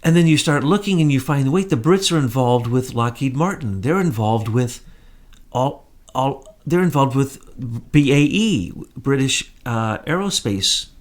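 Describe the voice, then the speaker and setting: A man's voice: medium pitch, a little slow. Emphatic, rambling male commentary host. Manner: emphatic, animated, with rambling asides and direct address to viewers. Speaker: host of an online commentary show. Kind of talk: casual conversational commentary.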